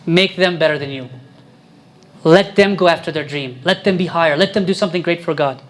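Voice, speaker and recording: High-voiced priest quizzing his congregation. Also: brisk, a little hiss or hum. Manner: interactive, quizzing the congregation, emphatic. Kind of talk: sermon.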